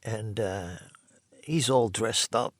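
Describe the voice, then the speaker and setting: An older man casually telling his own rough life story, blunt and profane, rambling with many restarts. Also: fairly low pitch, slow pace, dry recording, clean studio sound.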